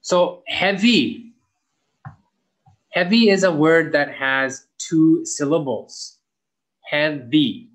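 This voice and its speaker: Slow-talking male English teacher. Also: a little high, rough recording. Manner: slow, stretches key words to model them. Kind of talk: classroom grammar lesson.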